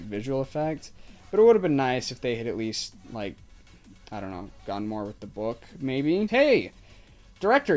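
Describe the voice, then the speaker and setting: A man's voice: medium pitch, darkish tone. A man talking casually to camera as a YouTuber, ranting with lots of "like" and "um". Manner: casual, ranting, heavy use of "like" and "um". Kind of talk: ranting vlog commentary.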